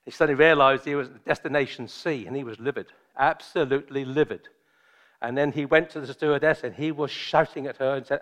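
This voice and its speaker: A man preaching a sermon, joking and chatty with his congregation at first, then slow and solemn. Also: medium pitch, fairly even intonation, a bit bright. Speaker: visiting preacher.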